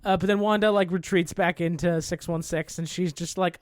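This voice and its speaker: A man with a high, fairly even, brisk voice co-hosts a podcast, casually recapping a film's plot. He swears often and acts out the characters' lines as he chats.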